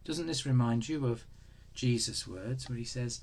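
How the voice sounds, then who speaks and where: A man preaching a sermon, animated, acting out the voices in the story. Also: mid-range voice, measured pace. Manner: animated, acts out voices of God and Job.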